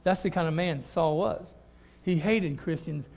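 High-voiced animated male pastor. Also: a little slow, creaky. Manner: animated, repeats phrases for emphasis. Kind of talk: sermon.

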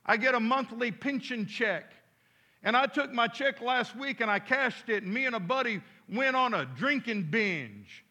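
A man's voice: very high voice, lively intonation, measured pace, bright, forceful tone, voice pushed up, full character voice. A preacher voicing an old, down-on-his-luck drunk man with white whiskers, speaking in a raised, pleading voice.

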